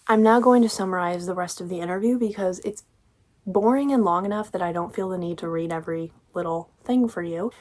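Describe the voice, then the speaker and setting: A woman's voice: on the low side, brisk, darkish tone. Sarcastic woman reviewing a book. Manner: sarcastic, exasperated critique. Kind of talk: casual book commentary.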